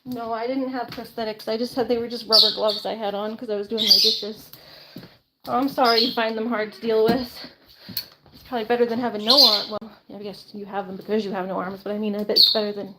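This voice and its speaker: A woman's voice: on the high side, flat delivery, fairly quick, very noisy. A woman chatting casually with viewers on a live stream, giggling often and using baby talk with her pet birds. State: briefly out of breath. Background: chirping birds.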